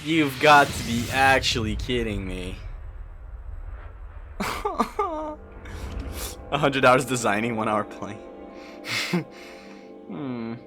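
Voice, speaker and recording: A young man streams a game with live commentary, his bright voice swinging widely in pitch as he gets worked up. He talks at an unhurried pace, swears freely and breaks into frustrated yelling. Soft game music plays underneath. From Brazil. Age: young adult. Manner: excitable, swears often, yells and laughs in frustration.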